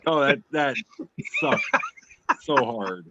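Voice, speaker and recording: A man's voice: on the high side, huge pitch swings, slow, heavy background noise. A man co-hosting a casual show, reading meme captions aloud with wry, swearing asides. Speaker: co-host. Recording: dull lo-fi call audio, dry.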